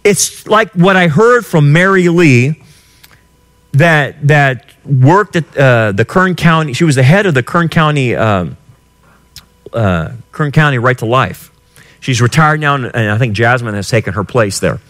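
A middle-aged male pastor preaching a sermon with passion, swinging from quiet lines to shouted ones. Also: mid-range voice, animated, unhurried.

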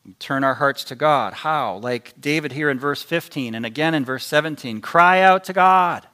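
A man preaching a sermon in a deliberate, emphatic way, his loudness rising and dropping sharply for stress. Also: mid-range voice.

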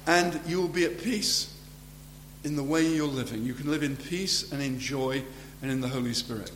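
A man's voice: on the high side, normal speed, a bit bright. A man preaching a sermon in a church and closing with a prayer, earnest and conversational, often restarting his phrases. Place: church hall. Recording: echoey hall with faint hum.

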